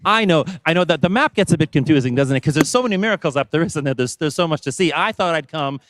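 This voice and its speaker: Male telethon host, high and animated, reads notes. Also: quick pace, a little hiss or hum. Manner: chatty, reads announcement notes. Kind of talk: live telethon presenting.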